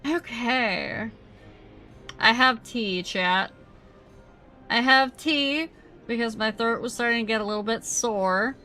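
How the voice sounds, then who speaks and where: A young woman chats to her stream audience while she plays, giggling often. Her voice is bright and unhurried. Faint game music hums in the background. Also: fairly high pitch. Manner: chatty and giggly, talks to chat. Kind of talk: casual live game stream chat.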